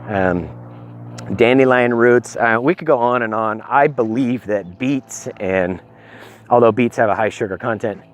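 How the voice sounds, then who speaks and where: A middle-aged vlogger with a mid-range voice talks health advice at a measured pace over slight background noise. Holding a phone on a stabilizer, he rambles casually, breathless and with plenty of ums.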